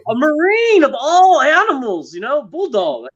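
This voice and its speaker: High-voiced teasing man on muffled audio. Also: very animated, unhurried, crowd noise. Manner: playful, teasing, earnest when encouraging. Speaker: guest on a live stream. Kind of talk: casual live-stream chat.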